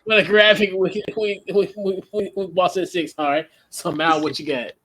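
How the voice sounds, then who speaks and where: A man co-hosting a casual sports talk show, playful and quick to laugh. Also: high-pitched, level tone, fairly bright tone. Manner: laughing, playful, hypes people up. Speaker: podcast co-host.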